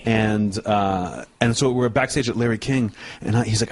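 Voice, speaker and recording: A man's voice: on the low side, normal speed, few pauses. A man, a comedian guest on a talk show, telling brash, sardonic anecdotes in casual chat.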